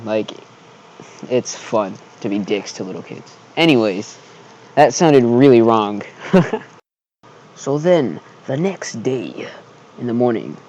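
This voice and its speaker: A man's voice: mid-range voice, a little mellow, lo-fi sound, slight background noise. A young man telling a personal story in a loose storytime vlog, profane and chatty, checking in with "right?" often. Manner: loose, profane storytelling with frequent 'right?' tags and laughs. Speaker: channel host telling a story.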